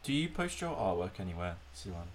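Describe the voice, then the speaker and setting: Teasing man, lively intonation. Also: low-pitched, fairly quick, a crowd in the background. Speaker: podcast co-host. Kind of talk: casual chat.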